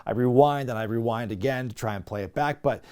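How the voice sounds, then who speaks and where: A man's voice: mid-range voice, a little fast, dark tone, clear, resonant tone. A man hosting a wrestling review show, giving a casual, sarcastic recap and talking to viewers as folks. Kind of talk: casual comedic recap commentary.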